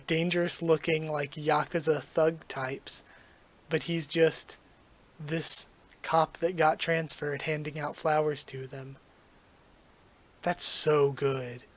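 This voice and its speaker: Gushing, emotional manga reactor man. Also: on the high side. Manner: excited and gushing, trips over his words. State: emotional, near tears.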